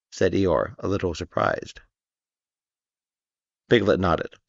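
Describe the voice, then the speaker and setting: A man narrating a classic children's story in a gentle, measured reading. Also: sits low, vocal fry, no room sound. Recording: dull, dry lo-fi recording.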